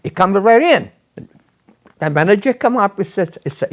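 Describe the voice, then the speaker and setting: A man's voice: high voice, normal speed. An older man, telling his life story in a rambling, repetitive way and acting out the people he quotes. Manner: rambling, repeats words, animated when quoting others. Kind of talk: casual storytelling.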